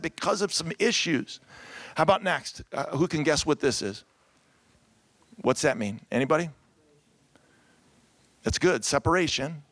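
Joking, fast-stammering pastor, a man from Ohio. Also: fairly high pitch, no echo. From Cleveland, Ohio. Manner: lively and joking, calls out to the audience, stammers and repeats words. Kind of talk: conference talk to ministry couples. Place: conference room with round tables.

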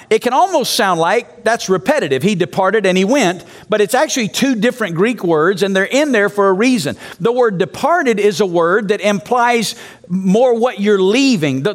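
A man preaching a teaching session to church planters, talking straight to the audience with rhetorical asides, dropping low and quiet and then climbing to loud, high shouts.

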